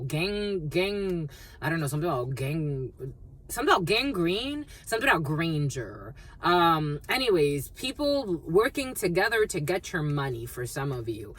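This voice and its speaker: A woman with a husky, slightly low voice talks through a collective tarot reading. She rambles and free-associates, circling back to the same phrases and dropping casual swear words along the way. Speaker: tarot card reader.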